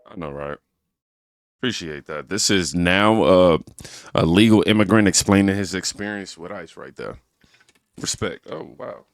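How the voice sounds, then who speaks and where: A man's voice: deep voice, dry recording, clean studio sound. A man hosting a reaction channel, giving emphatic, preachy commentary on clips and calling his viewers y'all.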